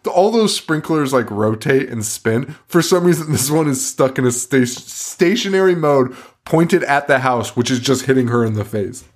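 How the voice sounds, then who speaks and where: A man's voice: mid-range voice, animated, moderate pace. A man hosting a podcast, recapping a movie in casual chat, swearing often and laughing in disbelief. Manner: profane, laughing, incredulous storytelling. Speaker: podcast host.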